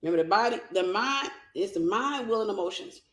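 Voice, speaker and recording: A woman's voice: mid-range voice, animated, a little fast. A woman minister giving an emphatic, repetitive sermon-style Bible lesson, calling out to her listeners.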